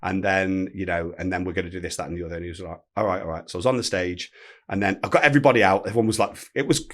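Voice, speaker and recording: A man, telling a story as a podcast guest, animated and swearing freely. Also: deep voice, rapid-fire. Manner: animated anecdote-telling, swears freely, acts out quoted speech. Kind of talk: casual storytelling.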